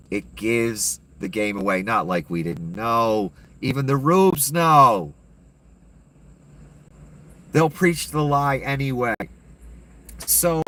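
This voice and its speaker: A man's voice: medium pitch, sharp tone. A man giving an angry, profane and sarcastic rant of political commentary.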